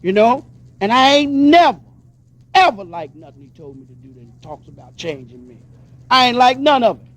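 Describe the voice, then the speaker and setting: High-voiced man giving emphatic testimony. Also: lively intonation, normal speed, a bit bright. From Pennsylvania, USA. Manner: emphatic storytelling, acts out dialogue. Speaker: recovery convention speaker. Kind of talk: personal testimony speech.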